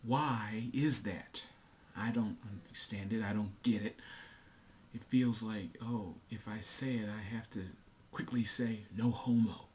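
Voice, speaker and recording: A man's voice: lowish voice, fairly even intonation, a little slow, a little mellow. A young man talking earnestly to his camera in a casual monologue, repeating himself with many fillers and restarts. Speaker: vlogger.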